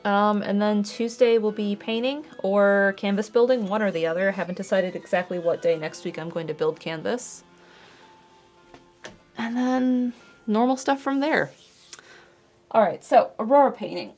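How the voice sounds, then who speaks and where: A woman's voice: medium pitch, moderate pace, long pauses, a little mellow, soft background music. A young woman streaming her art, chatting casually and explaining her painting steps as she works. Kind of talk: casual chat while painting.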